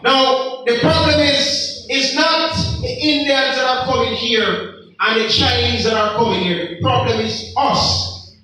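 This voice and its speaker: A man's voice: very high voice, steady tone, a little slow, pushed and bright, very echoey, distant mic, rough recording. A Jamaican man giving an emphatic, preachy talk to young people, full of rhetorical questions. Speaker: speaker addressing young people. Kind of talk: impassioned motivational talk.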